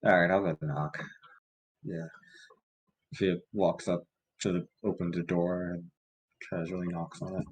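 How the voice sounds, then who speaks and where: A man's voice: sits low, little pitch movement, unhurried, long pauses. A man playing in a tabletop game, talking casually and hesitantly with fillers. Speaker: player.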